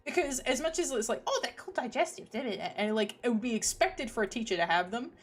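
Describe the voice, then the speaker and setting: A woman's voice: fairly high pitch, big pitch swings, quick pace. A young woman from the United Kingdom streaming, chatting casually in a rambling, giggly way that trails off into mumbles. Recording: faint background music.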